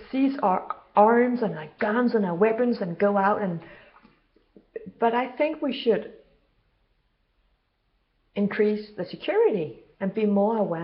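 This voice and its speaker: A woman speaking in a casual monologue as a self-described healer, earnest and halting, often pausing to search for words. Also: medium pitch. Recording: slightly dull lo-fi recording.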